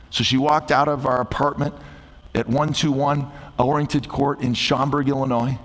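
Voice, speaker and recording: A middle-aged man delivering a sermon from the pulpit of a church. He builds up loud and high to stress his points, then falls back to a slow, quiet refrain. The sound carries a long reverb from the sanctuary around him. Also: level tone. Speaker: guest preacher.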